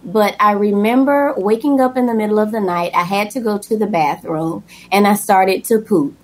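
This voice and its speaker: A young woman telling a personal story in a casual, chatty way, often acting out what people said. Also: moderate pace. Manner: chatty and animated, acts out quoted lines in a high voice. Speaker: guest telling her birth story.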